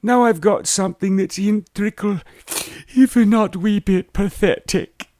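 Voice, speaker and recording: A man's voice: high-pitched, a little slow, a little mellow, no echo, studio quality, voice pushed up. A man voicing Ian, a sad, pathetic Scottish fellow who talks in a plaintive, sympathy-seeking way with a Scottish accent. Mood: mournful. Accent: Scottish (put on).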